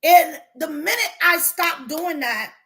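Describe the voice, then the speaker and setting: A woman life coach speaking on a livestream to her viewers, animated and preachy. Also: very high-pitched, slow. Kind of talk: livestream motivational talk.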